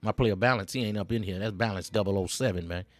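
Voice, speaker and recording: A man hosting a livestream, ranting in casual street slang, preachy and animated, with frequent repeats. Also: on the low side, quick pace, no echo, soft background music. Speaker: livestream host.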